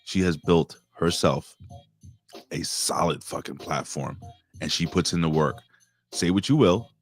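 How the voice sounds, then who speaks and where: A middle-aged man hosting a wrestling review stream, rambling casually, swearing and greeting viewers in the chat. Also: very deep voice. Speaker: wrestling review show host.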